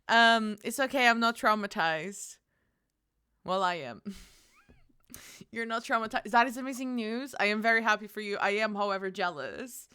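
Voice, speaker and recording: A woman's voice: a little high, moderate pace, pushed and bright, clean tone, no echo, studio quality. A young woman streamer chatting casually with her viewers, giggly and bubbly, with squealing greetings and playful cursing. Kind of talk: casual livestream chat with viewers.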